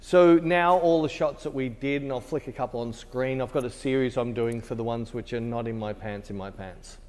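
A man's voice: mid-range voice, moderate pace, a little mellow, big-room sound. A British man, a photographer, telling a rambling story in casual chat while teaching, laughing easily. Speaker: photographer and tutor. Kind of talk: casual behind-the-scenes chat. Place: photo studio.

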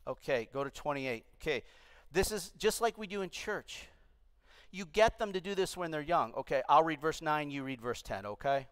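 A middle-aged pastor speaks on the high side, with lively intonation, a clean tone and normal speed. Preaching in a large, reverberant church auditorium, he exhorts his congregation and calls for spoken responses.

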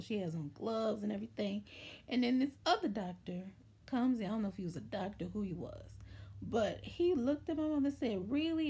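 A woman's voice: medium pitch, slightly rough. A woman telling a childhood story in a casual, chatty storytime vlog, acting out the voices of the people in it. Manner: chatty, animated, acts out voices in quotes.

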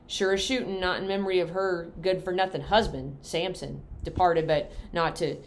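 A woman voicing a fussy middle-aged farm aunt, high and drawn out when she speaks. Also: steady tone, moderate pace, slight background noise, natural voice. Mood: tart.

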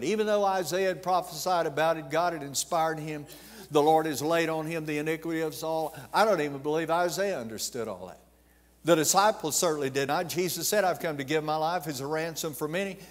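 A pastor with a fairly high voice preaches to his congregation, rising to loud emphatic peaks and sinking to near-whispers. His words ring through a church sanctuary with a long echo. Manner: preaching with emphatic swells and hushed drops. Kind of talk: sermon.

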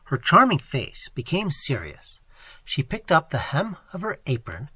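An audiobook reader with a husky, breathy tone narrates expressively, with a pitch that rises and falls widely. The recording is close and dry, with no room sound. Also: wildly swooping pitch, measured pace, pushed and bright, no room sound.

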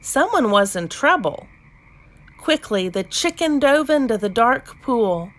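A woman reading a children's picture book aloud, gentle and expressive. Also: a little high, a little slow. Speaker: storybook reader. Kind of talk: children's read-aloud narration.

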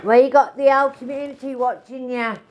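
A woman's voice: high voice, steady tone, fairly quick, muffled recording, noisy background. A woman giving a casual, rambling spiritual reading to camera, swearing often and calling the listener mate and darling. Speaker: tarot reader.

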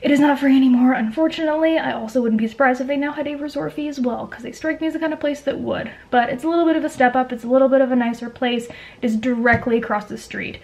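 A young Canadian woman vlogging in a quick, chatty way, full of fillers and asides, giving travel tips to camera. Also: high voice, fairly even intonation, darkish tone. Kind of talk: casual chat to camera.

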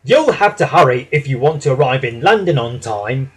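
A man plays a grumpy talking crane from a storybook. He speaks crossly and a little too loud, with a husky grain to the voice. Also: mid-range voice, lively intonation, moderate pace. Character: grumpy male dockside crane.

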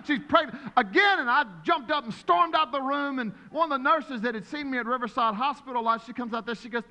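Animated preacher in a reverberant church. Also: male voice, very high voice, brisk, hardly any pauses. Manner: animated, storytelling with acted-out voices. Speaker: pastor. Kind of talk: sermon. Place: church sanctuary. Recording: long hall reverb.

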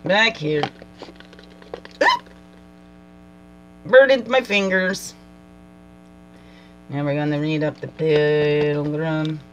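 A woman reading oracle cards aloud as a spiritual guide, slowly repeating lines and musing in asides. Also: low-pitched, slight background noise, poor audio. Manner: slow, reflective, repeats lines aloud, soft laughs and asides.

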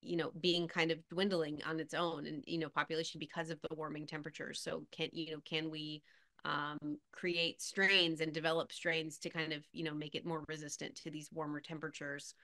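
A woman's voice: sits low, flat delivery, normal speed, pushed and bright, no room sound, clean studio sound. A woman presenter answering a question in a webinar over a video call, thinking aloud with many "you know" fillers.

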